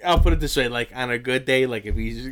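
A man's voice: medium pitch, fairly quick, raised voice, background noise. A man, podcast co-host telling a rambling story in casual chat, stammering and swearing a lot.

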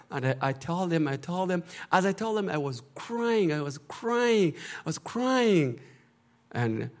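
Middle-aged male pastor, fairly high pitch, very animated delivery, emotional storytelling. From Rwanda. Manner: emotional storytelling in broken English. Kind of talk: testimony preaching.

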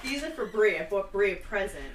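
A woman's voice: medium pitch, expressive, fairly quick. A woman dropping by a podcast as a guest, bubbly and effusive in casual chat. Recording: loud crowd noise behind.

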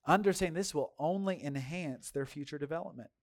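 A male pastor preaches in an animated, folksy storytelling style and talks straight to his congregation. His voice sits fairly high for a man. He swings from loud emphasis to hushed asides. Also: a little fast. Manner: folksy, addresses congregation directly. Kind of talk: sermon.

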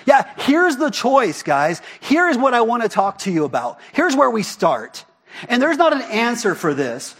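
A man preaching a sermon as a pastor, talking to the congregation in a lively, conversational way with frequent rhetorical questions. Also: extremely high pitch, husky.

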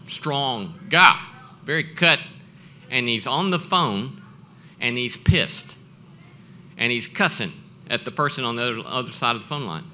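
Earnest, bright-voiced male professor speaking. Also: medium pitch, a little hiss or hum. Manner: earnest, reflective, halting restarts. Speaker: professor giving a talk. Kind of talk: personal storytelling speech. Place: event breakfast gathering.

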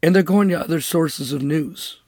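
A man's voice: a little high, moderate pace, a little mellow, no echo, studio quality. A man hosting a political commentary show, talking in an emphatic, sarcastic monologue and mocking with air quotes. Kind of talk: opinionated monologue.

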